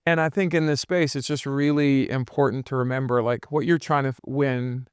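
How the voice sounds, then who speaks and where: A man's voice: medium pitch, fairly even intonation, normal speed, smooth, dry recording, clean studio sound. A man in his forties, a podcast host, speaking earnestly and telling stories in a reflective conversation recorded at home. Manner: earnest storytelling, acts out quoted voices. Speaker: podcast host and business consultant.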